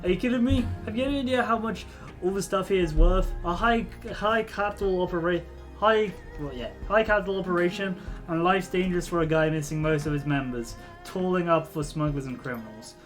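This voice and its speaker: A man's voice: sits high, a little fast, faint music behind, pitched above the performer's own voice, natural voice. A man reading as a hungover cyborg street doctor. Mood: boastful. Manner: boastful, joking, stumbling over words.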